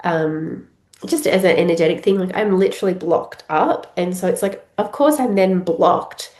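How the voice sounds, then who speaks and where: Australian woman host, blocked-up cold voice, lowish pitch, chatty and rambling, echoey room. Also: normal speed, a little mellow. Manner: rambling, many fillers and restarts. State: congested with a head cold. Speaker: podcast host. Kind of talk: casual solo podcast chat.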